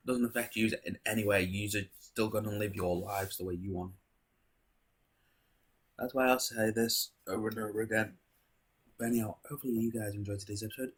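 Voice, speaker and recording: A man's voice: lowish voice, husky. A man hosting a video, musing aloud to his viewers in a philosophical monologue full of rhetorical questions. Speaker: video host.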